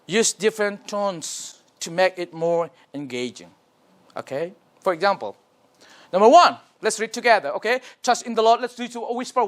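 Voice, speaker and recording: Animated man teaching, lively pitch swings. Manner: animated, swings between whisper and shout to demonstrate. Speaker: Sunday school teacher trainer. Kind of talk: teaching workshop, mixing languages.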